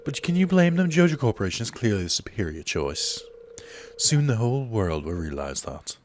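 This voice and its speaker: A man's voice: fairly low pitch, very animated, moderate pace, a little hiss or hum, pitched above the performer's own voice. A man voicing a smug, pushy corporate salesman in a video game, with a put-on Australian accent.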